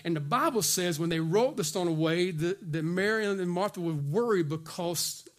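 A man with a high-pitched voice preaching in a church. He urges loudly, then drops to slow, hushed readings of scripture. His talk is folksy, full of "man" and "come on". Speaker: pastor. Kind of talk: sermon.

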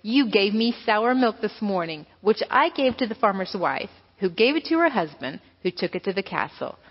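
A woman's voice: mid-range voice, big pitch swings, moderate pace, breathy edge. Young storybook farm boy, scolding and huffy, as a woman reads him; echoey hall. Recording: echoey hall, dull lo-fi sound.

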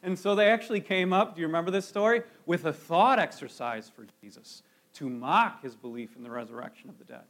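A man with a high-pitched voice preaching a sermon. He talks to his congregation casually, asking rhetorical questions. He often stumbles and restarts his phrases as he goes. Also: lively intonation, a little fast, a bit bright. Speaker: pastor.

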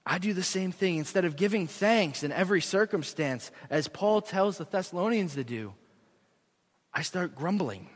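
A young man delivers a sermon from the front of a church, earnest and animated, at times laughing at himself. His voice sits high for a man. The big sanctuary wraps every word in a long, ringing reverb. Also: moderate pace. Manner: earnest, animated, self-deprecating. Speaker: preacher. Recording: long echo of a large hall.

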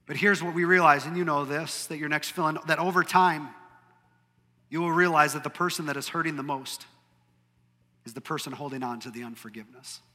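Bright-voiced male preacher in a reverberant hall. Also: on the high side, a little fast. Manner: dynamic preaching, swings from loud to hushed. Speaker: pastor. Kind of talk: sermon.

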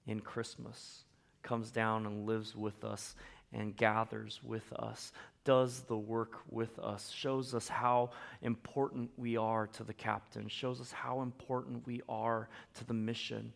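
A man's voice: lowish voice, creaky. A man preaching a sermon in a conversational way, often checking in with the listeners and making playful asides. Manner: conversational preaching with frequent tag questions. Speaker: pastor.

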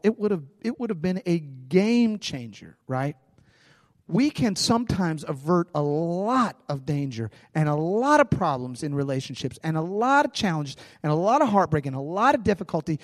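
A pastor telling a personal story in a sermon, conversational and animated, in a large church hall. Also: male voice, a little high, measured pace, clean studio sound.

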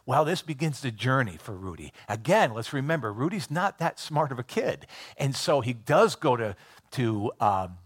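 A man of middle pitch preaching in a relaxed, conversational way. He tells a film's story step by step and stops now and then to restart a phrase or add a filler. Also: normal speed, breathy edge. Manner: retells a film scene by scene, briefly voicing its characters. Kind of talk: sermon storytelling.

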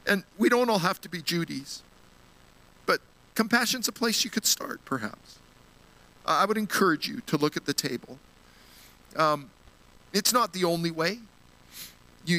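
The audio is poor in this sermon by a man with a fairly high, pushed, bright voice, a guest speaker at a church. Earnestly recounting a personal story, he gets emotional as he appeals to the congregation.

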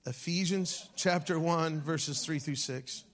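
Speaking slowly in a fairly high pitch, a man preaches to his congregation as their pastor. His sermon is animated, rising to shouts and then falling to near-whispers.

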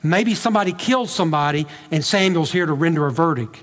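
A male pastor preaching a sermon, retelling scripture in an animated way with frequent restarts and repeated words. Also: a little high, quick pace, big-room sound.

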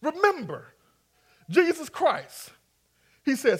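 A man's voice: high voice, sing-song, measured pace, pauses often, a bit bright, slightly rough. A man preaching a sermon, acting out scripture scenes and coaxing his congregation to respond. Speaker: pastor.

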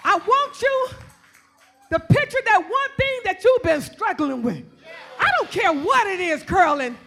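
A woman preacher giving a shouted, repetitive sermon in a church, calling out congregants by name and drawing responses. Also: very high-pitched, animated, measured pace, faint music behind, some chatter behind.

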